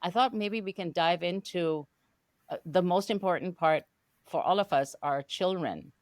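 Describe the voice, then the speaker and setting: A woman's voice: on the low side, normal speed, dry recording. An older woman hosting an interview podcast, welcoming her guests formally and asking questions. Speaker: podcast host. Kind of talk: hosted interview.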